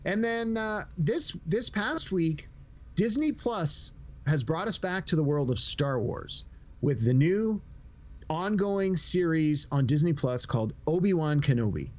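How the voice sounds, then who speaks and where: A middle-aged man co-hosts a casual podcast with a voice sitting a little high for a man. He tells stories with energy and slips into quick impressions of the people he quotes. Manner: animated storyteller, acts out quotes. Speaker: podcast co-host. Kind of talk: casual chat.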